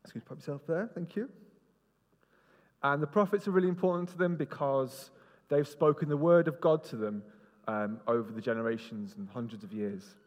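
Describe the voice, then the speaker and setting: This man's voice sits on the high side, and he talks fairly quickly. Leading an interactive sermon, he jokes with volunteers and steers them around the stage in a lively way, his words echoing with long reverb through a big hall.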